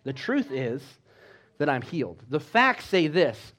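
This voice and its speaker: Exhorting male preacher, fairly high voice. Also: big pitch swings, a little slow. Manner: exhorting, with call-and-response asides; swings between loud emphasis and quiet, low delivery. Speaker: pastor. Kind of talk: sermon.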